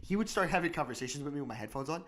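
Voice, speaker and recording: A man's voice: on the high side, animated, a bit bright. A young man co-hosting a casual podcast, ranting and swearing with frequent laughter. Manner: fast, laughs often, swears, rants. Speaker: podcast co-host. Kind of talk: casual chat.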